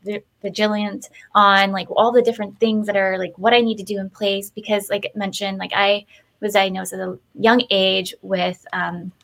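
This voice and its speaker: A woman's voice: mid-range voice, level tone, moderate pace, creaky, fairly bright tone, low-quality recording. A woman hosting a casual podcast, earnest and frank, while losing her voice. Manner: earnest, frank, with many "like" fillers. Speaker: podcast host.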